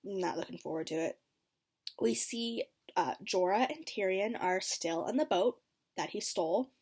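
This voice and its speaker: A woman casually recapping a TV episode for her vlog. She talks in an expressive, chatty way with frequent ums and likes, swinging between lively bursts and low muttered asides. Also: unhurried, breathy edge. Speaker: TV episode reaction vlogger.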